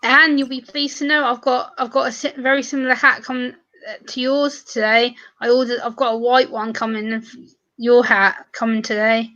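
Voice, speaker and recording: A woman's voice: on the high side, little pitch movement, normal speed, bright, forceful tone, dull audio. A woman from England, chatting in a friendly, giggly way on a video call. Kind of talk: casual video chat.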